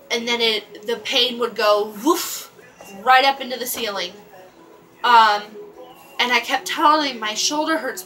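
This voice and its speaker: A woman talks straight to the camera in a rambling storytime vlog, stopping and restarting her sentences. Her voice sits a bit high and sounds bright and sharp. Soft music plays faintly behind her. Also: low-quality recording. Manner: rambling, halting with many restarts and fillers. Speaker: vlogger.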